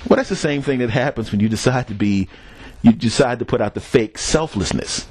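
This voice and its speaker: A man's voice: mid-range voice, brisk, a little mellow, husky. A man hosting a podcast, telling a rambling, profane story in a casual solo monologue and chuckling at his own jokes. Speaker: podcast host.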